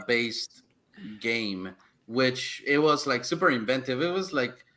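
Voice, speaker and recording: A man's voice: mid-range voice, bright, forceful tone. A man on a livestream panel, rambling with fillers and casual swearing.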